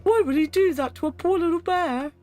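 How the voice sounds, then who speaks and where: A woman's voice: extremely high pitch, a little fast, a little mellow, soft background music. A young adult woman streaming a game, chatting casually with viewers and laughing often. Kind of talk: casual gaming commentary.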